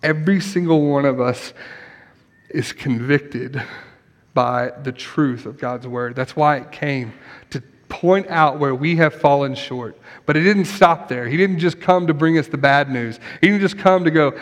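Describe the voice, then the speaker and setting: A man preaching an earnest sermon as pastor, then leading a quiet prayer. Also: a little high, measured pace. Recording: long hall reverb.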